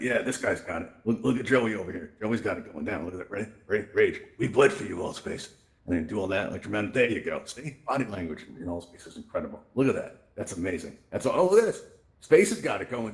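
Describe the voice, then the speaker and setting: A man's voice: mid-range voice, darkish tone. A man hosting a live event in a virtual world through his headset mic, telling jokey stories with lots of fillers and asides. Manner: chatty, jokey storyteller with many fillers. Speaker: event host.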